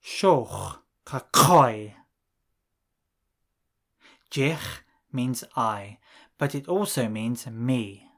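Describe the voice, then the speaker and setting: A man teaching a scripted language lesson, saying phrases slowly and deliberately and pausing so the listener can repeat them. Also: medium pitch, expressive, fairly bright tone. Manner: slow, deliberate drilling with pauses for repetition.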